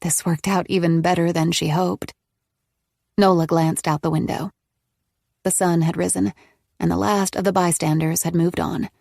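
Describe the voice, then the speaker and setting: Low-voiced woman narrating a thriller. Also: gravelly, dry recording, studio quality. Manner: steady, even storytelling. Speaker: audiobook narrator. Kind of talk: scripted narration.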